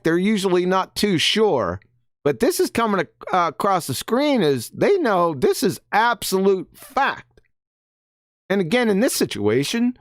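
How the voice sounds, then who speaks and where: In a live-stream commentary, the host reads quotes and responds with combative mockery, pressing each point and repeatedly asking "right?". Their mid-range voice is recorded dry at studio quality.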